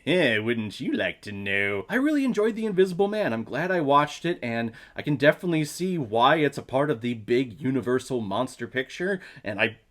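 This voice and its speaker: Jokey man with a lively voice. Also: mid-range voice. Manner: jokey, chatty, with fillers. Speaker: movie reviewer. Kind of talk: casual vlog review.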